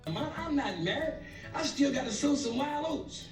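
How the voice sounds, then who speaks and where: A man's voice: very high-pitched, expressive, normal speed. A wisecracking old sitcom father. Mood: joking. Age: older. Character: wisecracking older widowed father, girl-chasing. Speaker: sitcom character in a played clip. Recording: distant echoey TV audio with music and studio laughter.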